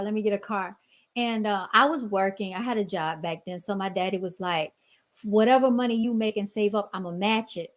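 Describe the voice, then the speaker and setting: A woman in her thirties talks to her podcast audience in a relaxed, rambling monologue. She tells one story after another and keeps turning back to her listeners as she goes. Her voice sits at an ordinary middle pitch for a woman. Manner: chatty storytelling, keeps addressing listeners as y'all. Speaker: podcast host.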